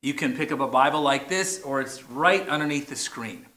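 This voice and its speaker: Bright, playful preaching man. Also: medium pitch. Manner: playful, drawn-out emphasis on key words. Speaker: pastor. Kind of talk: sermon. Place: large church or plaza. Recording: echoey, roomy sound.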